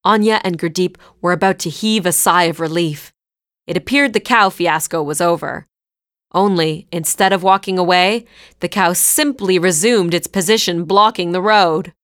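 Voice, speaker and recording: A woman narrating a scripted story in a clear, measured way. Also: on the low side, fairly bright tone, no echo, clean studio sound.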